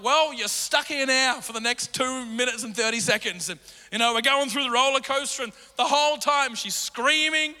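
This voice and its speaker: Man, pastor, sermon, high bright tone, animated delivery, reverberant church hall. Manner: animated, acts out quotes in raised voices.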